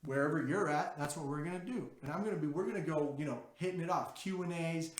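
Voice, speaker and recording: A man hosting a podcast in a brash, profane, excitable unscripted monologue. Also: fairly high pitch, quick pace, echoey room, a little hiss or hum. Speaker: podcast host.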